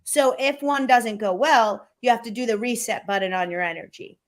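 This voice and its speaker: A middle-aged woman, a sales coach, talking as a guest in a video-call interview, energetic and animated, acting out quotes as she tells stories. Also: on the high side, normal speed.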